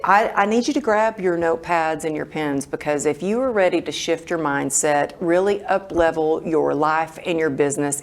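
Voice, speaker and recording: A woman hosting a podcast interview, effusive and enthusiastic as she introduces and questions her guest. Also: deep voice. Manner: effusive, enthusiastic, emotional reactions. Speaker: podcast host.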